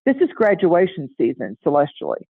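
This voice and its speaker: Animated woman on a tinny phone line. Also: sits low, brisk, slightly rough, no echo. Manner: animated, acts out voices in anecdotes. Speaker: astrology guest. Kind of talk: casual storytelling chat.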